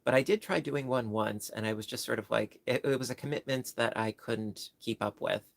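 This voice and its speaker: A man with a gravelly voice of middle pitch hosts a casual livestream from home, chatting with viewers as he reads their comments. He rambles, restarts his sentences and apologizes often. The sound is dry and close, with no room echo. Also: a little fast. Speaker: livestream host. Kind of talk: casual chat reading live comments.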